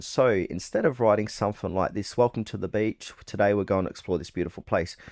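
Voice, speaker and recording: A man hosting a software tutorial, walking through the steps in a relaxed, plain instructional way. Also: fairly low pitch, no echo, clean studio sound. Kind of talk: step-by-step screen-recorded tutorial.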